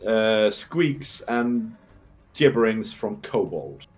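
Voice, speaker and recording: A game master running a tabletop game narrates scenes slowly in a low, animated voice over faint music. He's descriptive but thinks aloud, with fillers and restarts, and clears his throat between lines.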